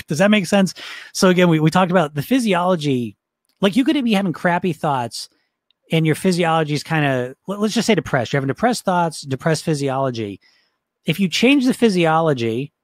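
A man with a slightly raised voice delivers a casual coaching talk. He speaks conversationally, often checks in with his listener and restarts his sentences along the way. The sound is dry and close, with no room echo. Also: a little high. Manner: frequent restarts and fillers.

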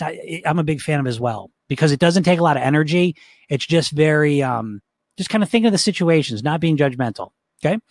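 A man teaching like a coach, talking casually, often repeating his words and filling pauses. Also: fairly high pitch, no room sound. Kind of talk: motivational teaching talk.

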